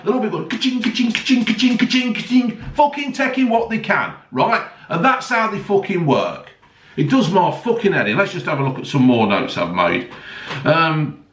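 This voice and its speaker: Heated, sarcastic vlogger ranting with lots of swearing; recorded in an echoey room, set back from the mic. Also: male voice, on the high side, fairly bright tone, far from the mic. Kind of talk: angry ranting monologue. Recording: roomy, voice a bit off-mic.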